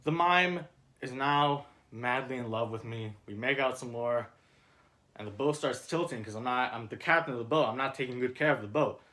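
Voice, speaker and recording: A man's voice: mid-range voice, moderate pace, sharp tone. A man telling an absurd story in a casual, rambling way, piling on fillers and mock-dramatic emphasis, often restarting mid-sentence. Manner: frequent self-corrections and restarts. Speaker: storyteller reading his own script.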